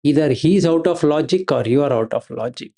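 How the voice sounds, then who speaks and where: Gravelly man giving a blunt Dhamma talk. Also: a little high, animated, fairly quick, dark tone. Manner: argues through rhetorical questions, repeats Pali terms; blunt, dismissive of emotion. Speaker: Buddhist Dhamma teacher.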